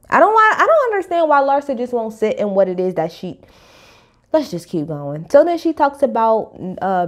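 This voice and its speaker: A woman, giving a casual, sassy reality TV recap full of animated commentary. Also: mid-range voice. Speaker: TV recap host.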